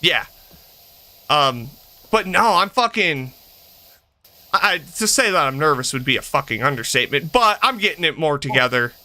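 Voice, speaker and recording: A man in his thirties hosting a game stream, his talk casual and full of cursing and laughter. His voice sits high and swings widely, with a very bright, sharp edge. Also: moderate pace, pauses often. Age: 30s. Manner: animated, profane, laughs often. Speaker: streamer host. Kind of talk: casual chat while gaming.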